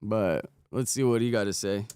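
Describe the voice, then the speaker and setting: A man's voice: lowish voice, moderate pace, mellow, clean tone, no room sound, studio quality. A man casually reacting to a video he is watching, tossing in slang and "bro" often. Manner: casual slang-heavy, says "bro" a lot. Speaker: stream host reacting to a video.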